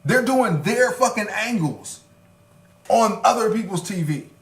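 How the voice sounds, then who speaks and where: Animated, swearing man in an echoey room. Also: high-pitched, measured pace. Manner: animated, swears freely, laughs while recapping. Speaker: podcast co-host reviewing old wrestling. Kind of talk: casual profane chat.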